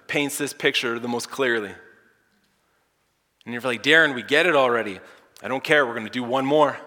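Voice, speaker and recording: Bright-voiced dramatic preacher in an echoey hall. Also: male voice, mid-range voice. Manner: dramatic, swinging from hushed near-whispers to loud emphatic lines. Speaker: pastor. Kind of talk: sermon.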